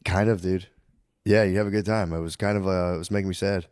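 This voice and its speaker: A man's voice: sits low, fairly even intonation, quick pace, darkish tone, clean tone, no echo. Podcast co-host, man in his thirties, rambling storyteller, dry close studio sound. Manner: rambling storyteller, laughing, swearing. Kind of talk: casual comedic chat.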